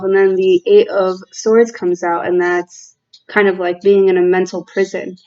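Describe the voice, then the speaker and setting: A woman talks through a tarot reading at an unhurried pace, stopping often to gather her thoughts. Her voice is mellow and soft-edged. The recording sounds a little dull and lo-fi. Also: medium pitch. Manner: slow, halting, reflective with fillers. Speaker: tarot reader. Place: home room with windows.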